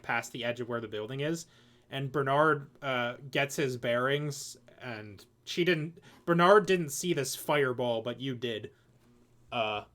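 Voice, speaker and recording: A man's voice: mid-range voice, a bit bright. A man narrating as game master, loose and rambling with plenty of fillers.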